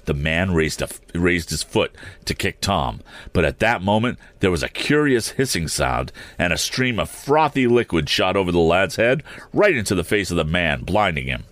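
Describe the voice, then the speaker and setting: A man narrating an adventure story aloud at a steady pace, with small slips that he corrects as he goes. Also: low-pitched, normal speed, dry recording. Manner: steady reading with occasional slips and restarts. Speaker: audiobook reader.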